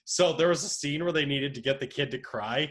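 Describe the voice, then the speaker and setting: This podcast co-host is a young man whose fairly high voice moves at a fairly quick clip. He chats casually, laughs often, and tells stories in an animated way.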